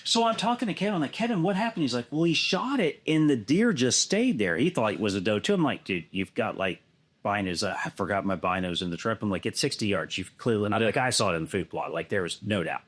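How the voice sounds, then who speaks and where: Speaking at a quick pace with a fairly low pitch, a man relates a lengthy hunting tale in a relaxed way. His delivery is lively and full of profanity, and he voices what others told him.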